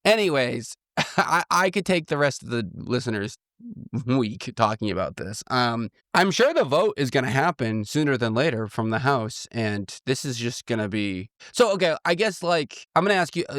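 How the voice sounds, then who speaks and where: A man's voice: medium pitch, moderate pace, no room sound, studio quality. Chatty laughing man on a podcast. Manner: laughs often, animated, rambling with fillers. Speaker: podcast co-host. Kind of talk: casual political chat.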